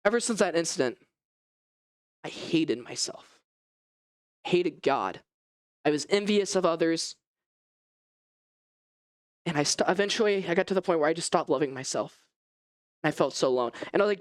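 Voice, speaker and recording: A man preaching a first-person dramatic sermon as an animated storyteller whose voice rises and falls. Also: a little high, normal speed, pauses often, no room sound, studio quality. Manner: animated storytelling, voice rising and falling.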